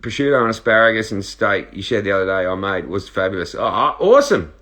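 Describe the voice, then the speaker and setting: An Australian man in his thirties, casually reading viewer questions out loud and answering them in a laid-back, joking way. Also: fairly low pitch, sing-song, quick pace. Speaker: reality show contestant answering live viewer questions. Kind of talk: casual live-stream Q&A.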